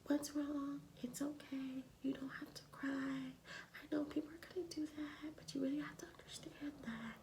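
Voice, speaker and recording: A woman voicing a gentle mother comforting her upset child, in a whispered role-play with a soft, hushed, tender voice. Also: sits high, steady tone, normal speed, distant mic, slight background noise, pitched above the performer's own voice. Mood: soothing.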